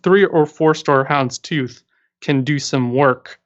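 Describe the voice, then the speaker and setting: A man's voice: a little high, slow. Man with dull lo-fi stream audio. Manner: explanatory, self-correcting, joking. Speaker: co-host giving game roster advice. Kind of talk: casual livestream chat.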